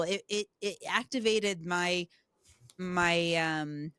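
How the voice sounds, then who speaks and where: A woman hosting a podcast, telling personal stories in an animated, emotional way with frequent restarts. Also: fairly low pitch, slow, smooth, no room sound, clean studio sound. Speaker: podcast host. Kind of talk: casual conversational interview.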